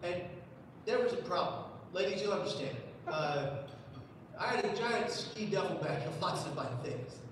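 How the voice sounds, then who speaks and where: A man on stage tells a comic story with lively energy, acting out each character. His voice sits high. It comes from a distance and echoes around a large hall with a long reverb, over a clear hum of room noise. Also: moderate pace. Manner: animated comic storytelling, acts out quoted voices. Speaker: public speaker. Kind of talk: live storytelling keynote.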